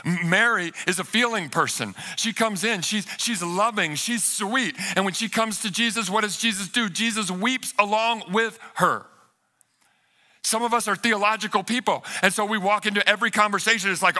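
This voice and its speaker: A man preaches from the pulpit with a very bright, ringing tone and a voice on the higher side. He talks to the congregation conversationally, dropping low and quiet for tender moments, then rising high and lively to make a point. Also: moderate pace. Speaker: pastor. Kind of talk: sermon. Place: church sanctuary.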